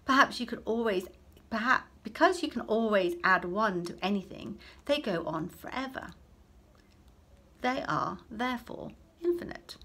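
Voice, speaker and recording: A woman's voice: mid-range voice, animated, measured pace, breathy edge, pitched above the performer's own voice, exaggerated voice. A woman voicing an old, mild-mannered male maths teacher in a storybook reading, lecturing with patience. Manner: patient, lecturing, turns sharp when irritated.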